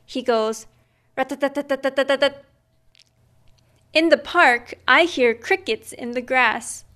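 A woman reading a children's picture book aloud, slow and gentle, acting out the sounds in it. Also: high voice. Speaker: storyteller.

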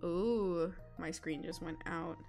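A woman's voice: on the low side, steady tone, takes it slowly, vocal fry, a little mellow, soft background music. A young woman chatting casually with her chat while she draws, giggling often and rambling about food. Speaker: illustrator streaming live drawing.

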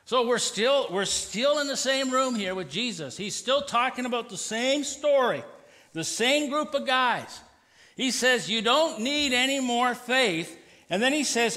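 Male pastor, sermon, high bright voice, playful and animated, church hall reverb. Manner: animated, acts out sarcastic voices, with quick asides. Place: church sanctuary.

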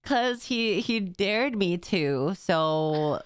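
Smooth-voiced young woman, laid-back. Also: mid-range voice, expressive, very slow, no room sound, studio quality. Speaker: streamer. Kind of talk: casual chat.

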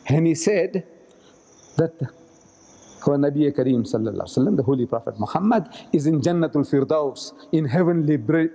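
A man's voice: a little high, creaky, dark tone. A man giving a religious lecture as a dramatic storyteller in a mosque, acting out the speakers he quotes. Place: mosque hall. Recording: echoey hall archive recording.

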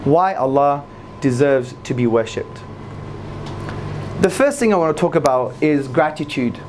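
A man giving an energetic religious lecture to a live audience, repeating key phrases for emphasis. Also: unhurried, a little hiss or hum. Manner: swings between loud high emphasis and low asides. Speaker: Islamic lecturer.

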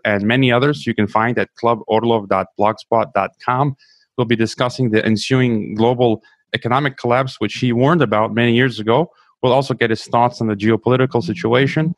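A man hosting a podcast, reading an intro and then asking long questions with a measured delivery and some fillers. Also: mid-range voice, dry recording. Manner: measured, reads promos, uses fillers. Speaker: podcast host.

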